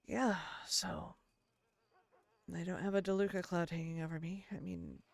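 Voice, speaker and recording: A woman's voice: on the low side, fairly even intonation, moderate pace, creaky, dry recording. A woman chatting in character during a roleplay game, telling a long story that rambles and is full of swearing. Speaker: roleplayer voicing her character.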